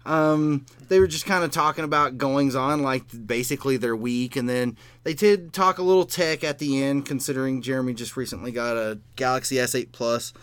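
A man's voice: mid-range voice, moderate pace, few pauses, fairly bright tone, clear, resonant tone, dry recording. A man co-hosting a podcast, chatting casually, laughing often and swearing now and then. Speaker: podcast co-host.

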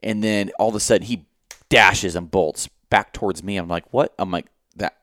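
A man co-hosting a podcast, telling a hunting story in casual chat, animated and swearing freely as he acts out what he was thinking. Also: low voice, normal speed, no room sound. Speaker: podcast co-host.

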